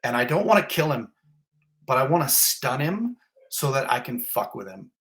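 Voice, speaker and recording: A man of middle pitch recounts his own ordeal in a vivid, blunt, intense way. He swears now and then and piles up detail after detail. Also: very animated, normal speed, a bit bright. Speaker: fire captain. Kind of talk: intense first-person retelling.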